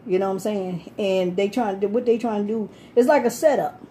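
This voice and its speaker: A woman's voice: medium pitch, fairly quick, warm tone, slight background noise. A woman, talking casually about her life on the street, rambling, laughing often and swearing freely. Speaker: homeless person telling her story.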